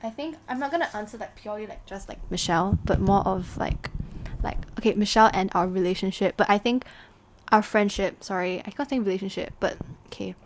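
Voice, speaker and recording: A young woman co-hosting a casual podcast chat with a friend, giggly and animated, often restarting her sentences. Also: medium pitch, fairly quick, slight background noise. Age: young adult. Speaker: podcast co-host.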